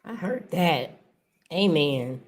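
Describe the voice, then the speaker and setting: A woman's voice: low-pitched, lively intonation, slow. A woman from Los Angeles, a guest YouTuber, chatting casually and asking curious, friendly questions. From Los Angeles, California. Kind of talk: casual live chat.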